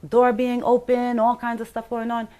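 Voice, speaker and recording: A woman's voice: a little high, completely flat delivery, moderate pace, dark tone. Middle-aged woman recounting events, full of fillers. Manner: rambling, filler-heavy retelling with acted-out quotes. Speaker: interview guest. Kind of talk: personal account in an interview.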